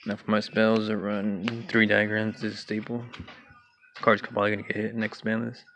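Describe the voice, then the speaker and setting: A young man casually walking through his card game deck, talking in a relaxed way with many fillers and throat clears. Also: on the low side, normal speed. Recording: dull lo-fi home recording with faint hiss.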